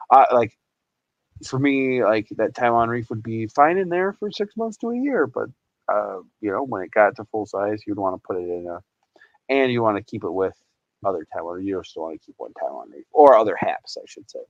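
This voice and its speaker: A man's voice: on the low side, animated, a little fast, no room sound, highs cut off. A man hosting a casual livestream, chatty and rambling, laughing often and reading out chat messages. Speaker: livestream host.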